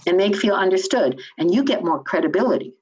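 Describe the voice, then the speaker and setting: Woman from Canada, communication trainer type, enthusiastic and a bit loud, slightly dull recording. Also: mid-range voice, brisk, husky. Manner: enthusiastic, lively, teacherly. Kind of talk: explaining in a conversational interview.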